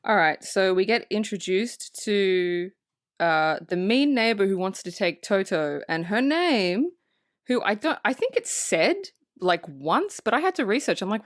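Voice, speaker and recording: Lively, excitable woman podcaster. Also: mid-range voice, unhurried, no echo, clean studio sound. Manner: excited, swears a lot, acts out quotes. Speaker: podcast co-host. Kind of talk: casual movie review chat. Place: podcast recording space.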